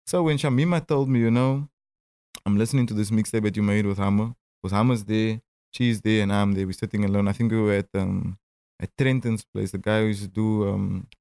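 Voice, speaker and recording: Dry-voiced Cape Town rapper, low. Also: male voice, fairly even intonation, vocal fry, dark tone, no room sound. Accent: Cape Town South African. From Cape Town, South Africa. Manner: stammering restarts, quick asides and laughs. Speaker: rapper and guest. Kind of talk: casual interview storytelling.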